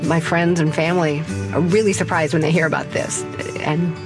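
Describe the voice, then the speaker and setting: Lively older woman telling a story. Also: low voice, moderate pace, over music. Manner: lively, self-mocking, humorous. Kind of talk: personal story told to an audience.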